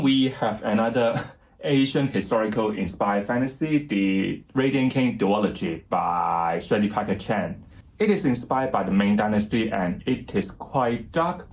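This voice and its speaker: A man giving a casual bookshelf tour as a book vlogger, chatty and self-deprecating, pausing now and then to recall titles. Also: lowish voice, darkish tone, rough recording. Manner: chatty, self-deprecating, laughs lightly at himself; pauses to recall titles and names.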